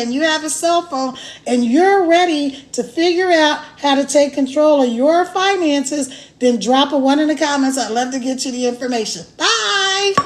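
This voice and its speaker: A woman chatting casually on a livestream into a phone, animated and laughing often as she talks. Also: high-pitched. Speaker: online business promoter. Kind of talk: casual live-stream chat.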